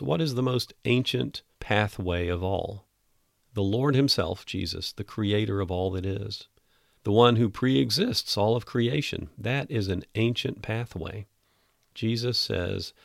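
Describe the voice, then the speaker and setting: A man hosting a podcast Bible teaching, earnest and emphatic, reading scripture slowly. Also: lowish voice, creaky, dry recording, studio quality.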